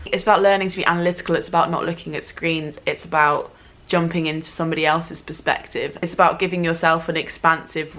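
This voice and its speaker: A young woman from England talks straight to camera in a loose, chatty way. Her voice sits a little low, and she pokes fun at herself with easy laughs along the way. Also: fairly bright tone. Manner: chatty, self-mocking, laughs while talking. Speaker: vlogger. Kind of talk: casual chat to camera.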